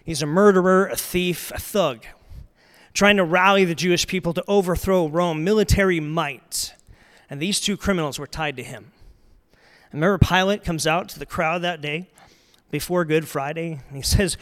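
A middle-aged male pastor preaching a sermon, telling the story earnestly, swinging from loud emphasis to soft, quiet passages. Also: a little high, normal speed.

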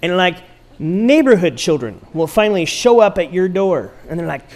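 A man's voice: sits high, normal speed. A middle-aged man preaching a sermon as pastor, telling stories playfully and acting out quotes. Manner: animated, playful storytelling with acted quotes.

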